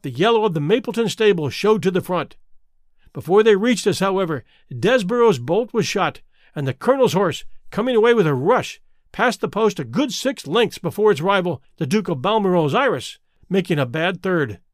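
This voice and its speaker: A man narrating a classic story aloud, expressive and lively, with a fairly high voice that moves a lot. The recording is close and dry, with no room sound. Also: normal speed, no room sound. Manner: expressive, voices each character. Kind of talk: storybook reading.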